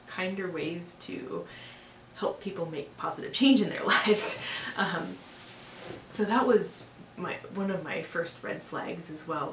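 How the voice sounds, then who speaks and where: Recorded in an echoey room at some distance from the mic, with a faint hiss, a woman vlogger tells a personal story. Her voice is lowish and fairly bright, her delivery chatty and filler-heavy, and she gets exasperated while recounting events.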